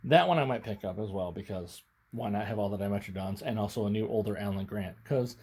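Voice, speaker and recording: A man's voice: lowish voice, quick pace, darkish tone, breathy edge. A young man casually reviewing a toy on camera, out of breath and rambling, stammering and apologizing as he goes. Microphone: camera mic, handling toys on camera.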